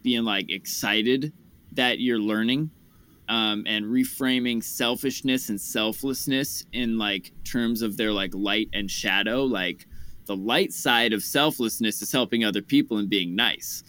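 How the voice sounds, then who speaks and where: A young man hosting a podcast, chatting casually about his festival week, with lots of "like" and lively joke-telling. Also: fairly low pitch, unhurried, clean tone. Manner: animated joke-telling, says "like" often. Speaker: podcast host. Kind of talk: casual storytelling chat.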